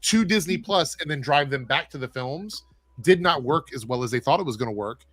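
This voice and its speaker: A man's voice: fairly high pitch, lively intonation, a bit bright, no room sound. A man hosting a casual livestream chat, reading viewer messages and giving his opinions. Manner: opinionated, talks fast, reads viewer messages. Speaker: show host.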